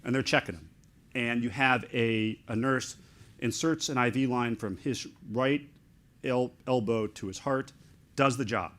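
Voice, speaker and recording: Excitable middle-aged man telling a story. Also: mid-range voice. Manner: excitable, animated, talks in quick fragments. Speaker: author and guest speaker. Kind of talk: storytelling in a live interview.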